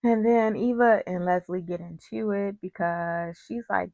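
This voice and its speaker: A woman's voice: mid-range voice, fairly even intonation, unhurried, vocal fry, hardly any pauses, darkish tone, no room sound. A woman casually recapping a soap opera, chatty and opinionated, with frequent digressions.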